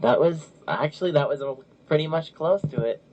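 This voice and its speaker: A man's voice: a little high, fairly quick, a little mellow. A man hosting a casual podcast chat, talking loosely with frequent restarts and laughs. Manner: chatty, laughs often, restarts. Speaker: podcast host. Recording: lo-fi audio with faint noise.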